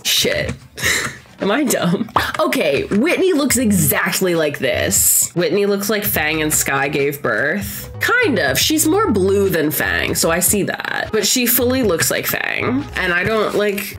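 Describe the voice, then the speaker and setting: A woman's voice: medium pitch, a bit bright. A young woman giving casual, chatty commentary over her own gameplay, reacting and laughing often. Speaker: gaming streamer. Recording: faint game music behind.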